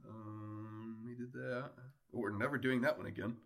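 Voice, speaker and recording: A man's voice: on the low side, flat delivery, unhurried, gravelly. A man co-hosting a podcast, joking crudely and laughing often in casual banter. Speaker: podcast co-host. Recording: noticeable background noise.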